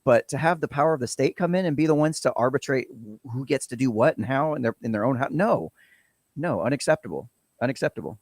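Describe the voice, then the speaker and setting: A man's voice: mid-range voice, expressive, fast, dry recording, studio quality. A man hosting a casual discussion, with an American accent and a slight Southern tinge, talking earnestly and often restarting his sentences. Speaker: show host and producer.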